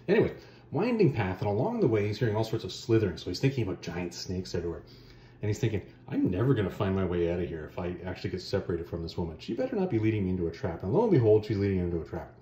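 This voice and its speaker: A middle-aged man casually retelling a comic story as a reviewer, animated and dropping into quick character voices. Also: lowish voice, reverberant, lo-fi sound. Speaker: YouTube book and comic reviewer.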